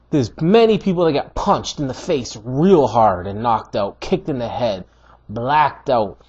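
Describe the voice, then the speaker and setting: A man giving a casual, animated fight review, full of slang and emphatic repetition. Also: medium pitch, husky. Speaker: MMA commentator. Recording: dull lo-fi recording.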